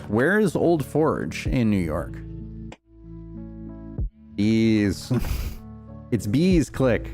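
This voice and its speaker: A man's voice: lowish voice, a little mellow. A young man chatting casually on his livestream while playing, rambling and answering chat with lots of fillers. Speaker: streamer.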